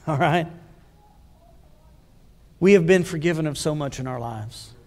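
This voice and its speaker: Pastor, male, high-pitched, preaching conversationally with questions to the room, long church-hall echo. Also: slow, a little mellow. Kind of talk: sermon. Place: church sanctuary.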